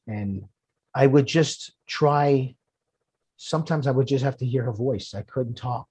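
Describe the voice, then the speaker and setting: Earnest firefighter guy on a podcast, mellow voice, repeats himself when it gets emotional. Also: medium pitch, a little slow, husky, no room sound. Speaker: firefighter and author, podcast guest. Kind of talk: emotional personal storytelling.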